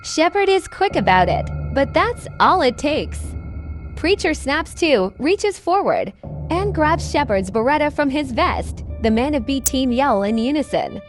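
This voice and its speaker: A woman narrating a scripted horror story in a slow, measured reading. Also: sits high, very animated, faint music behind.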